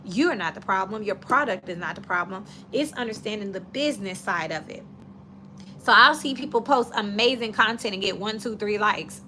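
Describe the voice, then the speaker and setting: Bright-voiced chatty woman tarot reader. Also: medium pitch, normal speed, a little hiss or hum. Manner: chatty, animated, coaching and direct. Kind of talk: casual tarot reading.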